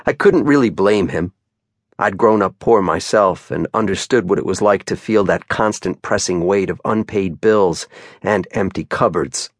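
Low-voiced male audiobook narrator. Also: no room sound, studio quality. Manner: measured, even storytelling. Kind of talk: scripted first-person audiobook narration. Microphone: close studio mic.

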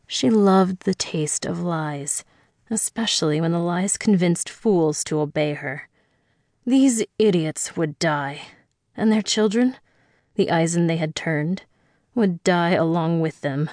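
A woman reads an audiobook in scripted narration, measured and even, her voice on the low side. The sound is dry and close, with no room around it. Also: no room sound.

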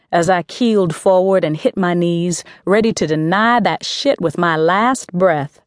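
A woman's voice: lowish voice, unhurried, hardly any pauses, dry recording, studio quality. A woman narrating a first-person audiobook in a gritty, slangy street voice.

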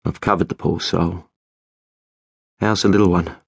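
Man playing a quiet lighthouse keeper. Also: steady tone, gravelly, breathy edge, no echo, heavily acted. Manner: quiet, halting, low-key. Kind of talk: audiobook narration.

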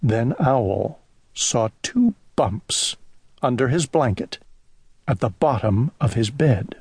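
A male narrator reads a children's story slowly and gently, his pitch rising and falling with lots of life. The recording is dry and close, with no room sound at all. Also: big pitch swings, slightly rough, dry recording. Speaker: audiobook narrator.

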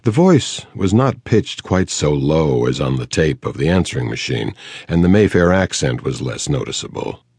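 A man narrating a detective novel in the first person, measured, dry and matter-of-fact. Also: very deep voice, very animated, gravelly, a little mellow, slightly rough, dry recording. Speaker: audiobook narrator.

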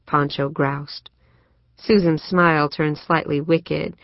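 A woman narrating a novel in a measured, steady audiobook reading. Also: low-pitched, no room sound. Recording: dry, slightly muffled studio recording.

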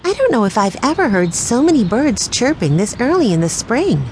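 A woman's voice: fairly high pitch, very animated, normal speed, darkish tone, a little hiss or hum, voice pushed up. A woman narrator voicing a practical, organizing older sister in a children's audiobook. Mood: eager.

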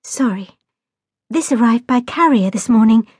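A woman's voice: fairly high pitch, lively intonation, normal speed, breathy edge, no room sound, clean studio sound. A woman playing a bookish, playful young girl. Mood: playful, pleading. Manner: bright and pleading, with a grin.

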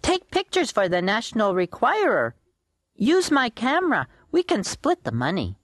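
A man reading a storybook aloud, voicing a bossy, scheming little girl who is pushy and excitable. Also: very high voice, moderate pace, no echo, studio quality, pitched above the performer's own voice, full character voice.

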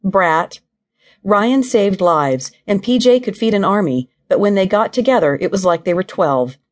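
A woman reading a novel aloud as audiobook narrator, in an even, measured storytelling way. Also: medium pitch.

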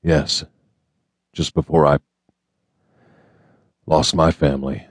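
A grim, brooding male federal agent, read by a man in an audiobook, talking in gruff, clipped lines. The voice sits very low. The sound is close and dry, with no room around it. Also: fairly even intonation, a little fast, no echo. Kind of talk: audiobook character reading.

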